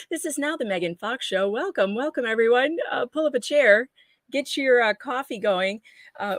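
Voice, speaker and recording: A woman's voice: fairly high pitch, fairly bright tone, dry recording. A woman on a video call, a guest commentator in casual chat, joking bluntly, swearing and laughing often.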